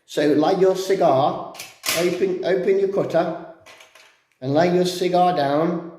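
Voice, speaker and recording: Guy, mellow chatty vlogger, explains step by step, echoey room. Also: high voice, fairly even intonation, measured pace, a little hiss or hum. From England. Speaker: cigar vlogger. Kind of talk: casual chat and demonstration. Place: indoors at home.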